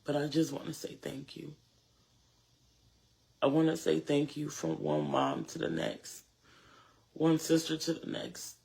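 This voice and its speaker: A mother giving an emotional public statement, tearful and exhausted, halting and repeating her words as she thanks people. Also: low-pitched, very animated, vocal fry, a little mellow. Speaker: mother of a shooting victim.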